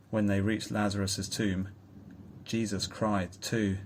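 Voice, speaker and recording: A man reading a children's Bible story aloud in a slow, tender storytelling manner. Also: fairly low pitch, fairly even intonation, darkish tone, a little hiss or hum. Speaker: reader.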